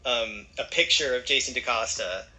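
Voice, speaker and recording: A man with a bright, tense voice asks questions on a podcast. He speaks at a middle pitch, hesitates, and restarts his sentences as he talks. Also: moderate pace, low-quality recording. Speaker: co-host asking questions. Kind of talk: casual podcast conversation.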